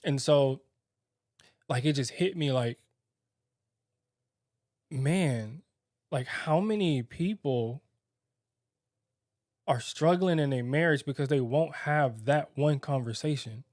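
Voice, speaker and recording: A young man co-hosts a podcast with his wife, speaking candidly and reflectively, halting often with plenty of fillers and restarts. His mid-range voice has a darkish tone, captured in studio quality with no echo.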